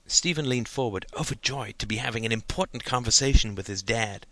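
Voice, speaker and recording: A man narrating a novel in a measured, unhurried audiobook reading. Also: medium pitch, sharp tone, dry recording.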